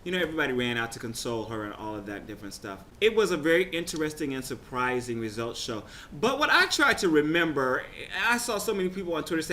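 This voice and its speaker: A man casually recapping a TV results show, chatty and excitable, rambling with frequent restarts. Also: on the high side, quick pace, few pauses, a little hiss or hum.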